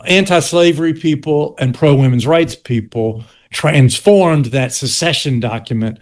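In an interview, an older history teacher from South Carolina lays out his argument, restarting now and then and adding pointed asides. His voice, marked by a Southern US accent, is on the high side and a little slow.

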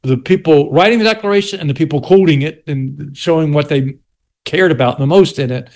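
A man's voice: on the high side, fairly quick, a little mellow. An older man from South Carolina with a Southern US accent, a history teacher explaining his argument in an interview with restarts and pointed asides.

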